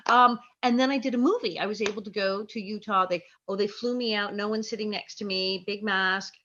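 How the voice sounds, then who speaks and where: A middle-aged American woman, an actress and comedian, telling lively anecdotes in an interview and acting out quoted voices. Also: mid-range voice, fairly quick, few pauses, muffled recording, slight background noise. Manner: lively storyteller, quotes herself in acted voices, laughs often.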